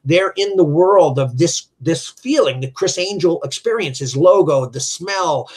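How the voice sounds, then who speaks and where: Middle-aged man, slightly high voice, animated storyteller who acts out quoted dialogue. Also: measured pace, slightly rough. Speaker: martial arts school owner. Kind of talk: storytelling in a business chat.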